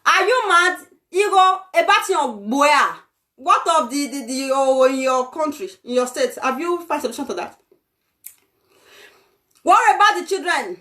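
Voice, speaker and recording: Young Nigerian-accented woman, vlogger, heated and scolding, high and lively pitch. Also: measured pace. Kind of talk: ranting vlog monologue.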